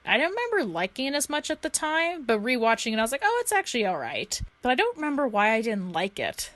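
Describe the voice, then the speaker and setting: A woman's voice: high-pitched, sing-song, quick pace, fairly bright tone, dry recording. A young woman co-hosting a casual chat show, telling stories and acting out what people said. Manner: chatty storyteller, acts out quoted lines. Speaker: podcast co-host.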